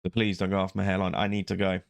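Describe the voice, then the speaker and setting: A man's voice: low-pitched, monotone, quick pace, gravelly, clean tone, no echo. A young man hosting a reaction video, rambling casually with sarcastic, self-mocking asides. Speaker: YouTube reaction host.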